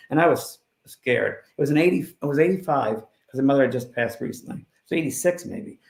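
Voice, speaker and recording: A man who is a spiritual medium, telling stories in a casual interview and swinging between loud and hushed. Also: medium pitch, animated, brisk, creaky. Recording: roomy echo.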